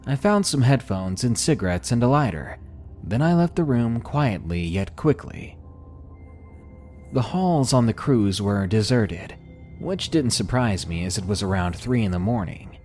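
A man narrating a scary story in slow, expressive storytelling. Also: fairly low pitch, faint music behind. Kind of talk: scripted horror story narration.

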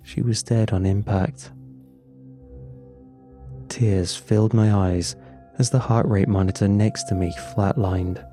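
A man narrating a first-person horror story in a slow, somber, scripted telling. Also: on the low side, steady tone, mellow, faint music behind.

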